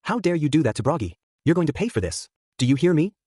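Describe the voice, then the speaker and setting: A man reads as a young girl, frightened but defiant, his voice lifted higher for her. The sound is dry and close. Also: very animated, quick pace, a little mellow, dry recording.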